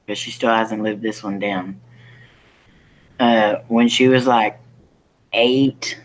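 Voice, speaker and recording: A woman's voice: very deep voice, poor audio. A woman in casual chat, telling a story with easy laughter.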